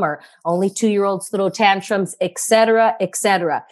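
A woman guest in a casual podcast conversation, animated and acting out the voices she quotes. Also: medium pitch, moderate pace, few pauses.

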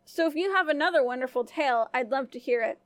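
A woman voicing a formal, old-fashioned male knight in a folk tale, speaking slowly. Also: high voice, animated, no echo. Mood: grave.

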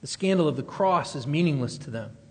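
Husky-voiced preacher in a reverberant hall. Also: male voice, on the high side, lively intonation, brisk, darkish tone. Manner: emphatic, repeating key phrases and building intensity. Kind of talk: expository sermon. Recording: long reverb of a large hall.

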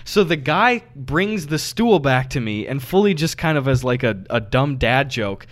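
A man co-hosting a podcast, chatting casually in an animated, profane way. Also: medium pitch, normal speed. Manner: animated, profane, laughs while telling stories. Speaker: podcast co-host. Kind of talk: casual chat.

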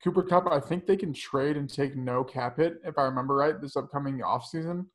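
A man's voice: a little high, a little fast. A man co-hosting a casual sports podcast, giving matter-of-fact analysis. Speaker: podcast co-host.

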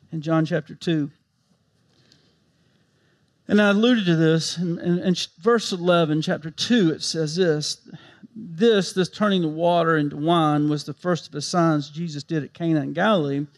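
A man preaching a sermon, swinging from hushed, gentle passages to emphatic, impassioned ones. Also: a little high, normal speed. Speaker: pastor.

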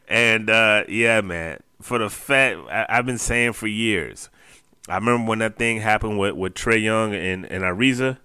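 Male recap host, casual and chatty, low-ish smooth voice, dry close sound. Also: unhurried, bright, forceful tone, no echo. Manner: chatty, repeats phrases, chuckles often. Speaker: basketball fan show host. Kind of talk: casual post-game recap.

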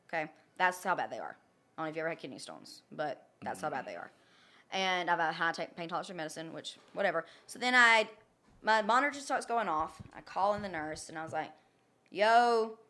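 A young woman tells a personal story in a casual, unfiltered way. Her voice sits somewhat low for a woman. She is blunt and profane and keeps checking in with her listener. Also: pushed and bright.

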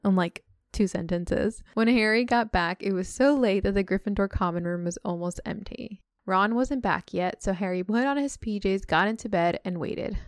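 A woman's voice: mid-range voice, normal speed, few pauses, no room sound. Woman recapping a book on a podcast, reads bits out then chats, dry close sound. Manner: summarizes and reads aloud, breaks off to chat and laugh. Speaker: podcast host retelling a book. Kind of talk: casual book-retelling podcast chat.

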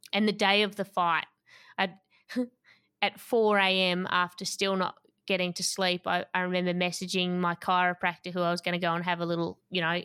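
A woman recounts a story as an interview guest, lively and quick to laugh. Her voice is smooth and resonant, recorded dry and close with no room sound. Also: fairly low pitch, no echo. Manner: lively, laughs often while telling a story.

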